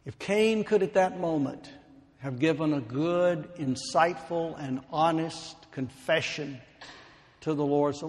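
A man preaching a sermon, slow and emphatic, building to fervent pleading. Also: on the high side. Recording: long hall reverb.

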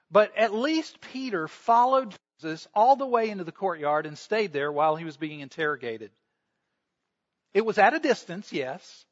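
Guy preaching a sermon, pretty high voice, tells it like a story, kinda dull lo-fi sound. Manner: storytelling, acts out quoted voices. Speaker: pastor.

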